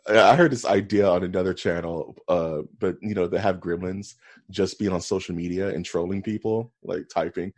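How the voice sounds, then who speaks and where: A man co-hosting a casual nerd-culture podcast, relaxed and chatty with a fondness for "dude". His voice sits low with a husky edge. The sound is dry and close. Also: moderate pace, no room sound. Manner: laid-back, says "dude" and "man" a lot. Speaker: podcast co-host. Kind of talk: casual chat.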